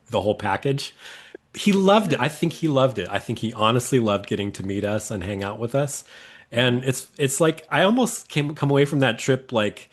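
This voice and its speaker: A man, a fan guest, recalling a meeting in a casual, enthusiastic interview, rambling with many fillers. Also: on the low side.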